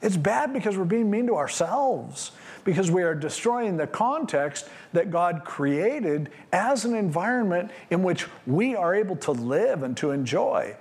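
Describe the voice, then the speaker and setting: A man pastor preaching a conversational sermon on scripture, animated and acting out what people might say. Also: sits high.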